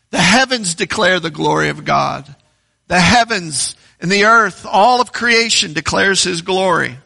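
Bright, gravelly-voiced preaching man. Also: high voice, expressive, unhurried. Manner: reads scripture aloud, asks the congregation questions. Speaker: pastor. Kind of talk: sermon.

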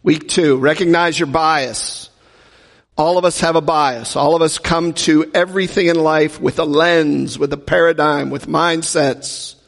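A man's voice: a little high, fairly even intonation, a little slow, vocal fry, in a large hall. A man preaching a teaching sermon, talking in a conversational way and often asking the audience questions. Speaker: pastor teaching a Bible class.

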